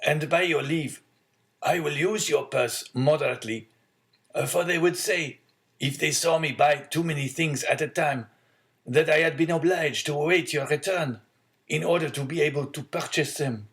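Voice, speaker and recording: A man voicing a frail, poor old father who talks weakly and gently in an audiobook story. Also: fairly high pitch, moderate pace, pitched above the performer's own voice. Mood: gentle. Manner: weak, self-effacing.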